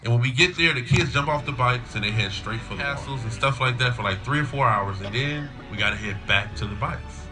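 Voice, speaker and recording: Middle-aged male coach, warm storytelling speech at a school graduation, mid pitch, music playing underneath. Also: brisk, hardly any pauses. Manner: storytelling, acts out a child's whiny voice in quotes.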